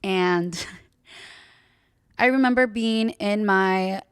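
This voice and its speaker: A woman's voice: mid-range voice, extremely slow, smooth, no room sound, studio quality. A young woman hosting a podcast, telling a personal story in a candid, casual way, full of fillers and the odd swear word. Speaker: podcast host.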